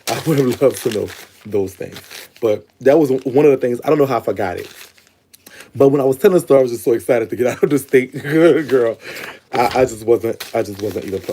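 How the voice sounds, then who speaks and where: A man's voice: lowish voice, dark tone, slight background noise. A young man chatting casually to his viewers, swearing and laughing as he talks, recorded close on a phone or webcam. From Louisiana. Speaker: vlogger.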